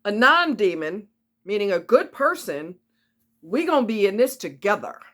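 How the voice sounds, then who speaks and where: A woman giving a casual monologue about relationships, emphatic and animated, repeating words for effect. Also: mid-range voice, normal speed. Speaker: relationship commentator.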